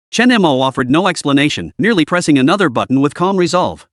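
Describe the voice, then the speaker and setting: A man narrating a scripted web novel story, with quick shifts in tone for the quoted characters. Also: a little high, animated, dry recording, studio quality.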